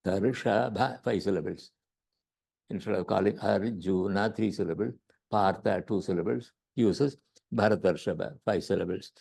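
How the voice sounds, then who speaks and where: A man with an Indian accent lectures on scripture as a yoga teacher. His voice is gravelly and mellow. He repeats his words and often checks in with "right?". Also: on the low side, normal speed.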